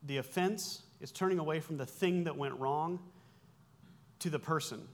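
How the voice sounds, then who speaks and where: A man in his forties, a pastor, explains Greek terms conversationally while preaching, correcting himself and dropping wry asides. He speaks at a moderate pace in a voice on the high side.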